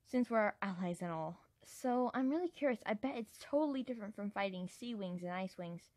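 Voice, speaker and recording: A woman's voice: mid-range voice, lively intonation, fairly quick, darkish tone, dry recording, close to an everyday voice. A woman voicing a young female dragon champion who talks in a chirpy, matter-of-fact way, as an amateur audiobook character. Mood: cheerful.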